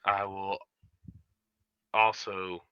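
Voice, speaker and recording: A man playing a tabletop game, describing his moves in a hesitant, halting way. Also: low-pitched, level tone, clean tone, no echo, dull audio. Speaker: player. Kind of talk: casual tabletop play.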